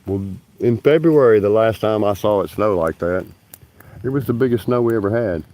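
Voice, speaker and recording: A man's voice: lowish voice, moderate pace, dark tone. A man telling a rambling, profane story on a casual livestream.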